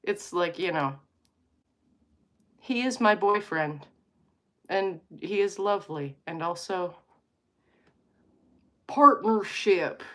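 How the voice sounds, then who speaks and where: A woman's voice: on the low side, slow pace, pauses often, sharp tone. A woman in her thirties from Alberta, Canada, chatting casually and playfully to her viewers, rambling and cutting herself off. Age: 30s. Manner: rambling, playful, self-interrupting. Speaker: vlogger.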